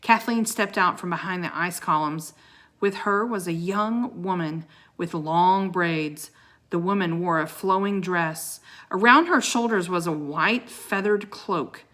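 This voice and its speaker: A woman reading a children's book aloud with dramatic expression, pausing to show the pictures. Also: fairly low pitch, a bit bright. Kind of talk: expressive read-aloud storytelling.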